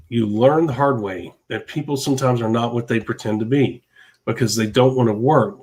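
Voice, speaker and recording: A man at a middle pitch delivers a motivational podcast monologue. He talks in an emphatic, preachy way and hammers his points home through repetition. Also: darkish tone. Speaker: podcast host.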